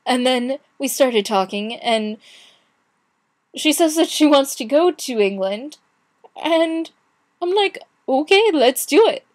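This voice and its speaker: A young woman talks to camera in an unhurried, chatty way, pausing and restarting as she retells her day. Her voice sits a little high and she acts out other people's lines as she goes. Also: expressive. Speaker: vlogger. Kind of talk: casual chat.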